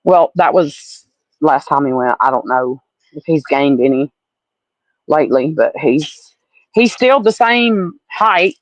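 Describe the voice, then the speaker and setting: A woman's voice: low-pitched, animated, slow pace, no room sound, poor audio. A woman from Alabama with a Southern accent, chatting with viewers on a casual livestream, blunt and salty, calling people honey. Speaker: livestream host.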